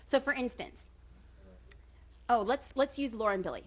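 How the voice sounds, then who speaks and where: A woman giving a casual seminar talk on running a photography business, chatty and direct with quick asides. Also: on the high side, fairly bright tone. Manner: direct, self-described authoritative.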